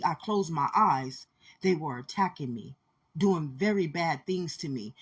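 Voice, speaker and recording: A woman's voice: fairly low pitch, breathy edge. A woman giving an impassioned spiritual monologue, speaking intensely and repeating her points as she addresses listeners directly.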